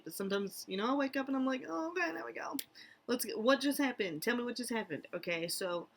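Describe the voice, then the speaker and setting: A young adult woman, an American therapist, talking casually to camera with lots of fillers, restarts and animated asides. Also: mid-range voice. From United States. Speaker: therapist vlogger. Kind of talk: casual talking-head vlog.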